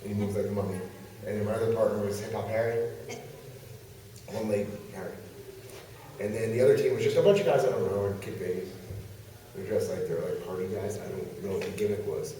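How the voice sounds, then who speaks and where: A man, a pro wrestler guest, telling an animated story and laughing as he goes, at a convention. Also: fairly low pitch, fairly quick, pauses often, slight background noise. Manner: lively, laughing as he tells the story. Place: large convention hall. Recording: echoey hall picked up from far off.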